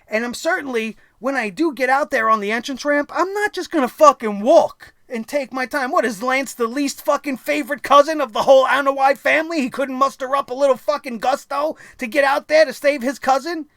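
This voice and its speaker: A man's voice: extremely high pitch, fairly bright tone, no echo. A man hosting a wrestling review show, ranting angrily and sarcastically and swearing constantly.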